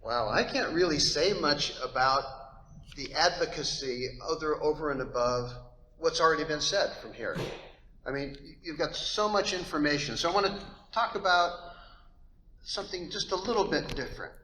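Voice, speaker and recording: A man in his seventies, a guest speaker giving a relaxed, modest conference talk. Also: a little high, moderate pace, background noise. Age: 70s. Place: lecture hall. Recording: echoey hall.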